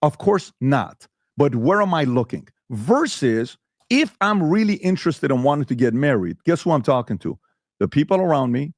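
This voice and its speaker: A man's voice: a little high, big pitch swings, normal speed, no echo, studio quality. A male podcast host in a heated debate, talking emphatically and firing rhetorical questions.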